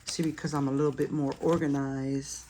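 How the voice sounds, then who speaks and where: A woman's voice: rumbling low, flat delivery, brisk, warm tone, slight background noise. A woman chatting casually while decorating her planner, laughing at herself with self-deprecating humor. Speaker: planner vlogger.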